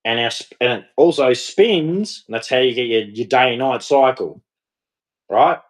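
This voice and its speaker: A man's voice: medium pitch, normal speed. A man ranting to camera in a scornful, mocking, rambling way. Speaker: vlogger. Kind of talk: casual rant to camera.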